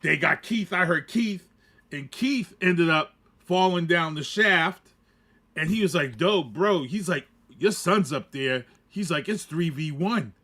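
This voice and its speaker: Lively bright-voiced man telling stories. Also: on the high side, a little slow. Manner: animated storytelling, acts out quotes. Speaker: podcast co-host. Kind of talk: casual chat.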